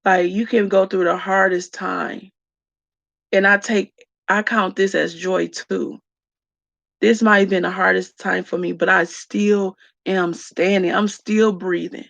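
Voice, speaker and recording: A woman speaking slowly and reflectively to her viewers, tearful. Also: medium pitch, little pitch movement, creaky, a bit bright, dry recording. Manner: slow, reflective, addresses viewers as y'all. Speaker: vlogger. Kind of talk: emotional personal talk to viewers.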